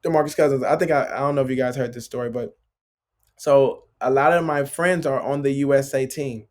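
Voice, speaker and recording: A man in his late thirties, a guest, relates his stories in a loose, rambling way, with plenty of filler words and a habit of adding "bro". His voice sits at an ordinary middle pitch. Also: brisk. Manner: loose and filler-heavy, constant "like" and "bro", animated retelling. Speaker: professional basketball player, guest. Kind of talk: casual storytelling interview.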